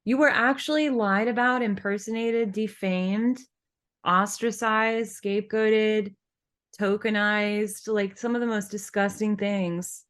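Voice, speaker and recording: A woman's voice: mid-range voice, fairly even intonation, takes it slowly, fairly bright tone. A woman co-hosting a podcast in casual talk, firm and supportive in manner. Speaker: podcast co-host.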